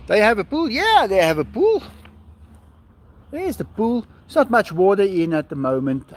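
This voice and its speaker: A man hosting a casual live stream outdoors at home, reading viewer comments aloud and answering them. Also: fairly high pitch. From South Africa.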